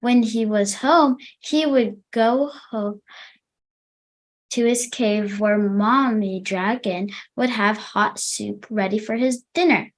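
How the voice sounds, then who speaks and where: A young woman teaching English to children, reading a storybook aloud and pausing to explain words. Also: mid-range voice.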